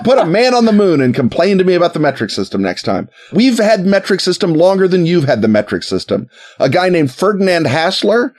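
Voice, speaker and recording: A man's voice: on the high side, a little mellow. A man co-hosting a podcast, telling a history story in a sarcastic, jokey way and putting on mock voices for the people in it. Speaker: podcast co-host. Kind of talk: casual comedic history chat.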